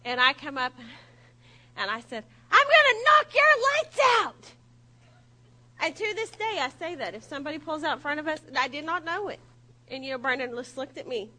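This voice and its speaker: Bright, high-voiced woman telling stories. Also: brisk, poor audio. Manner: animated, laughing, self-mocking storyteller. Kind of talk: humorous sermon storytelling.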